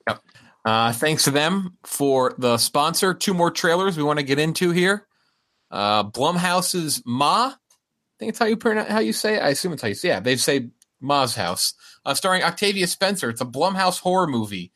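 A man's voice: fairly high pitch, expressive, normal speed, fairly bright tone. A man co-hosting a podcast in casual chat, rambling along with frequent fillers and restarts. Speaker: podcast co-host.

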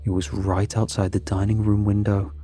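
A man narrating a scripted horror story in a measured, suspenseful way. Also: fairly low pitch, little pitch movement, mellow, soft background music.

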